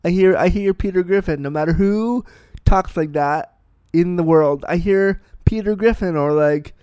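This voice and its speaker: A man in his thirties talks through a film in a loose, candid way, blunt and freely profane. His voice sits a little high for a man and comes through smooth and resonant. The sound is close and dry, with no room around it. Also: normal speed, darkish tone, no echo. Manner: blunt, profane, self-deprecating storyteller. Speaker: film reviewer. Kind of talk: candid casual film review.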